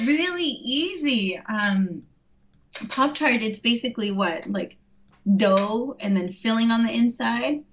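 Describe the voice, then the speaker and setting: A woman talking easily as an interview guest, relaxed and often laughing, with plenty of ums between thoughts. Her voice sits at an ordinary middle pitch. The recording sounds a little dull and lo-fi. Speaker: interview guest, home vegan cook. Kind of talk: casual interview chat.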